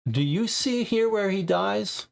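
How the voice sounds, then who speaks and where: Slow, gravelly man puzzling over clues. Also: high-pitched, expressive. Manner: frustrated, puzzling aloud, rereads clues. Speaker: co-op game player. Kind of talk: casual live-play chat.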